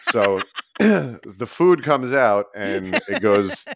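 A man co-hosting a podcast, telling a long story in a rambling, animated, casual way with frequent laughs. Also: lowish voice, extremely slow, background noise. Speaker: podcast co-host.

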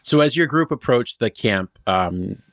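A man narrates as game master, piling up details in a loose, rambling way. His voice sits at a middle pitch. The recording is dry and close with no room sound. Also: expressive, measured pace, dry recording. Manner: rambling, filler-heavy description.

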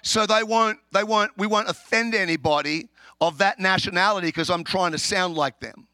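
An Australian man preaching with a high, ringing voice that sounds bright and forceful. He tells his stories in an animated way, laughs often and trips over repeated words. The sound is close and dry, with no room around it. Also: normal speed, no echo. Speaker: pastor. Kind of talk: humorous sermon.

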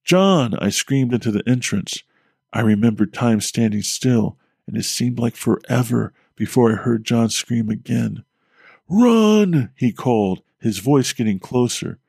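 A man's voice: medium pitch, vocal fry, no room sound. Man narrating a horror story, dry. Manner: steady, measured storytelling. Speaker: podcast host and narrator.

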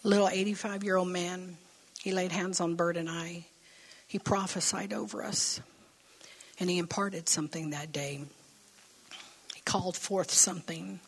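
Preaching from a church sanctuary, the middle-aged woman pastor has a lowish, husky, creaky voice and takes her time, pausing often. She tells stories in a lively, conversational way and works up to bold declarations that rise in intensity.

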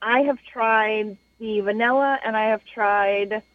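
A woman's voice: medium pitch, steady tone, a little slow, no room sound. A woman calling in to a radio show and chatting casually. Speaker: caller, host's wife. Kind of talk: casual phone-in chat. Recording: dull dry phone line.

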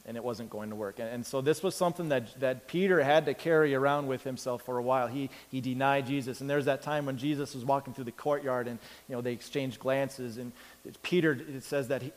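A man preaching a sermon, telling the story with lively acted-out voices and big swings from loud to quiet. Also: medium pitch, long reverb tail. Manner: animated storytelling, acts out characters with big swings in loudness. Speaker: pastor.

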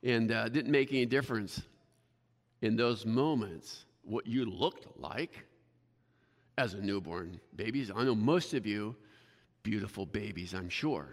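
A man's voice: lowish voice, a little slow. A male pastor preaching a sermon in a church, talking conversationally, often checking in with the congregation and joking at his own expense. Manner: conversational, keeps asking the congregation "right?"; self-deprecating humor. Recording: long hall reverb.

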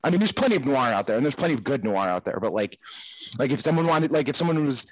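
A man's voice: mid-range voice, very animated, fast, slightly rough, no echo, poor audio. A man co-hosting a podcast in casual chat, enthusiastic, swearing casually and stumbling over his words. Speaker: podcast co-host.

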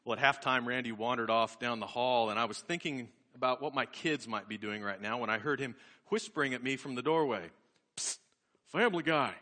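Guy preaching, tells his story earnest and slow, bright voice. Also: mid-range voice. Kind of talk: sermon storytelling.

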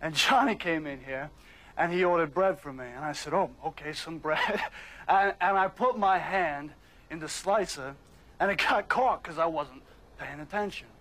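An actor playing a wounded, fiery one-handed baker in a film drama, brooding and prone to shouting. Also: male voice, fairly high pitch, normal speed. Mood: bitter, brooding. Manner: brooding, then bursts into shouting.

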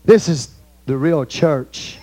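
A pastor with a Texan accent preaching a fervent sermon in a church, reading scripture aloud and swinging between booming and hushed delivery. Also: male voice, slow, soft background music. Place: church sanctuary.

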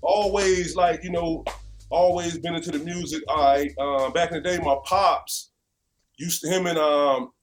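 A man from North Carolina, a guest musician telling stories in a casual interview, animated and conversational. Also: fairly high pitch. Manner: animated, conversational, leans on "you know what I'm saying".

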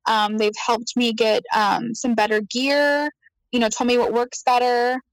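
A woman telling a story in casual chat, animated, laughing often and acting out her own quotes. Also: fairly high pitch, a little slow, poor audio. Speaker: guest.

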